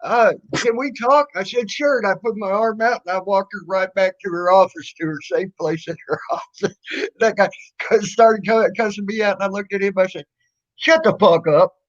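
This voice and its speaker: Animated storytelling man, lo-fi sound. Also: high voice, fairly quick. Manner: animated, quotes people in raised voices. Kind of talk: casual storytelling chat. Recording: dull lo-fi audio.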